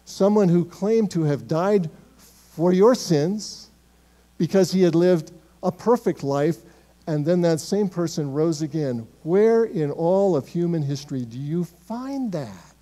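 A man preaching a sermon as pastor in a church, emphatic and swinging between loud declarations and hushed, quiet words. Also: fairly high pitch, lively intonation, unhurried. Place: church sanctuary.

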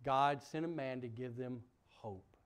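A man preaching a sermon as pastor, emphatic, asking the congregation questions, swinging from loud peaks to quiet drops. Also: medium pitch, unhurried, clean tone. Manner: asks the congregation rhetorical questions.

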